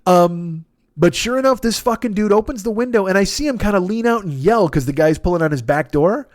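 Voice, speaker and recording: A man's voice: high voice, expressive, a little fast, no echo, clean studio sound. A man, telling a long, profane, exasperated story as a comedian and acting out the dialogue. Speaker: comedian host. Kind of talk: solo storytelling podcast.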